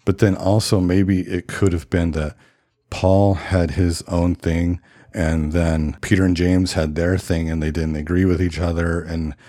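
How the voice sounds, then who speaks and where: A man's voice: low-pitched, little pitch movement, a little slow, warm tone, dry recording, studio quality. A man talking in a reflective, thoughtful monologue, hedging and musing aloud as he explains ideas. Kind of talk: reflective monologue on religious history.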